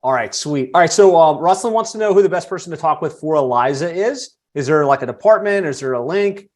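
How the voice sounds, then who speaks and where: A man moderating a live webinar Q&A, reading out audience questions in a relaxed, casual way. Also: fairly high pitch, fairly quick.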